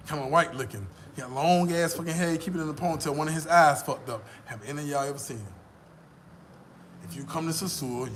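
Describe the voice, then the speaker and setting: An American man vlogging, telling a boastful, profane story in a casual, animated way. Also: medium pitch, slight background noise.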